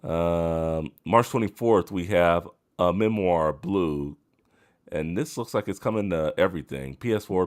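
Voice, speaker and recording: Man, gaming podcast host, low pitch, casual, filler-heavy, relaxed chat. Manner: laid-back, reads release list with fillers.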